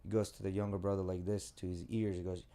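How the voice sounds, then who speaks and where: A man's voice: sits low, fast talker. A man co-hosting a podcast, telling stories with lots of swearing in casual chat. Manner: profane, animated storytelling. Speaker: podcast co-host.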